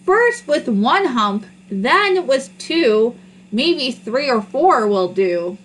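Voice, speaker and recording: A woman's voice: sits high, big pitch swings, drawn-out words, slight background noise, heavily acted, low-quality recording. A woman voicing a vain, mocking male donkey in a read-aloud picture book.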